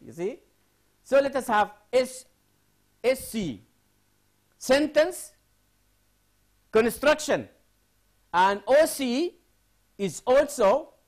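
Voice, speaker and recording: A male lecturer from Sudan teaches at an unhurried pace. His pitch swings widely as he poses questions, answers them himself and repeats the key phrases for emphasis. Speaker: university lecturer. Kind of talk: recorded classroom lecture.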